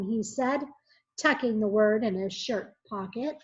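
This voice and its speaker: A woman teacher reading a children's book aloud in an expressive, measured way. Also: medium pitch. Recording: muffled lo-fi recording.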